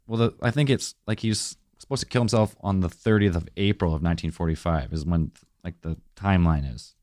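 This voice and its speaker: Lower-voiced man thinking aloud. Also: fairly quick, a little mellow, no room sound, studio quality. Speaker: podcast co-host. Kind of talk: casual chat.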